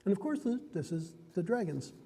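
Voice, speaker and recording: Guy running a d&d table at a game store, higher voice, friendly and chatty, laughs a lot while explaining rules. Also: very animated, brisk, dark tone, slightly rough, long reverb tail. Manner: friendly, instructive, laughs often. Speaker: dungeon master.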